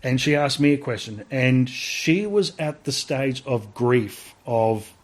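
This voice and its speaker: A man's voice: medium pitch, takes it slowly. A man with an Australian accent, a podcast guest telling a story in casual talk, blunt and profane, full of fillers.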